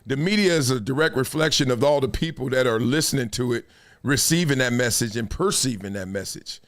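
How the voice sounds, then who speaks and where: A man hosting a live sports talk stream, lecturing his viewers in a casual, slangy, animated way with laughs between points. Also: medium pitch, brisk. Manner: animated, preachy, drops into quoted voices. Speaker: sports talk show host. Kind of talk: live-streamed commentary monologue.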